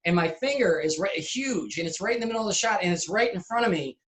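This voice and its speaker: Animated storytelling man on a video call. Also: sits high, fast. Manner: animated storyteller, acts out scenes, laughs at his own stories. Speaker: guest, comedy video maker. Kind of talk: casual interview.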